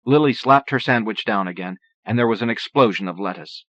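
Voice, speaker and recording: A male audiobook narrator with a low voice reads in a steady, measured way. The sound is dry, with no room around it. Its muffled, lo-fi tone recalls old cassette audio. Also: dry recording.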